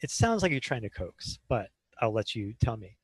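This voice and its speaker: A man running a tabletop game as game master, explaining rules in a relaxed way. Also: fairly low pitch, normal speed, crowd noise.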